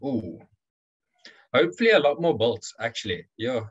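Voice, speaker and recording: A young man being interviewed as a guest, talking in a relaxed, rambling way with lots of restarts. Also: mid-range voice, normal speed, husky, highs cut off. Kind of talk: casual interview chat.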